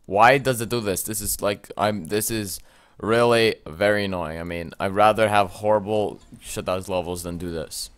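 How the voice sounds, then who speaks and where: A young man commenting on his gameplay, excitable and often shouting at the game with mild swearing. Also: fairly low pitch, normal speed, clear, resonant tone. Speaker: let's play gamer.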